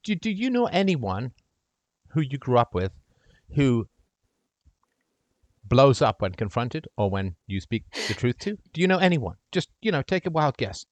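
A man hosting a call-in show gives passionate advice and role-plays speaking to the caller's brother, swinging between loud and hushed. His mid-range voice is very animated yet measured in pace, with no echo.

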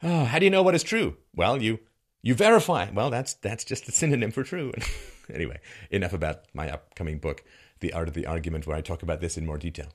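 A middle-aged man giving a sardonic monologue commentary that mocks what he criticizes, with bursts of laughter. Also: fast talker. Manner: sardonic, mocking, with lively swings in pitch and bursts of laughter.

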